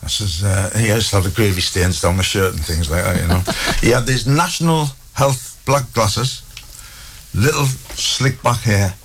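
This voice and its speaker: A man's voice: on the low side, moderate pace, slight background noise. A man, a radio guest telling anecdotes and acting out the voices of the people in them. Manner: animated, acts out voices in stories. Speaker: guest storyteller.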